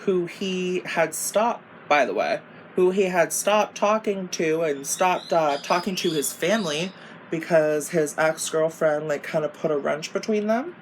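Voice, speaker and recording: A woman's voice: on the low side, lively intonation, measured pace, a little hiss or hum. A young woman telling a storytime while doing her makeup, casual and exasperated, swearing constantly and saying "like" a lot. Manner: profane, exasperated and rambling, lots of "like". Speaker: beauty vlogger.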